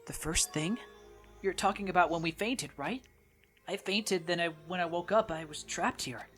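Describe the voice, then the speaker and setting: A woman's voice: on the low side, normal speed, a bit bright, soft background music, close to an everyday voice. A woman reading the lines of an earnest, anxious teenage boy student who keeps asking questions. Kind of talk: reading game dialogue aloud.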